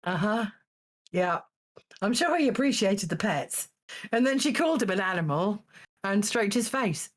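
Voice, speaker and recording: A woman's voice: mid-range voice, expressive, moderate pace. A woman hosting a charity live stream in casual chat, amused and laughing often. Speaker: stream host acting as the show's judge.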